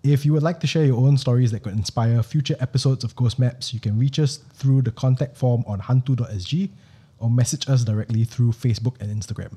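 A man's voice: mid-range voice, fairly quick, husky. A man hosting a podcast, reading a scripted announcement in a formal newsreader voice. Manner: even, formal announcer delivery. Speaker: podcast host. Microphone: studio podcast mic.

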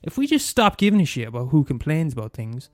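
Irish guy, young, fast mumbly rant, higher voice, dry close sound, faint guitar behind. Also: sing-song, no room sound. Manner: profane, ranting, fast and mumbly. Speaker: podcast host. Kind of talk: casual solo rant.

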